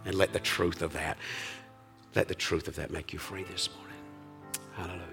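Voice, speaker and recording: A man pastor closing a church service with a farewell prayer, speaking earnestly, halting and restarting. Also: low-pitched, level tone, vocal fry, over music. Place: church sanctuary.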